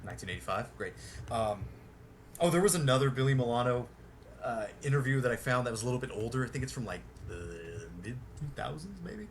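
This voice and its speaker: A man's voice: medium pitch, very animated, fairly quick, a little hiss or hum. A man hosting a podcast in casual chat, rambling with lots of fillers and swearing. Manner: rambling, profane, heavy on fillers. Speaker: podcast host.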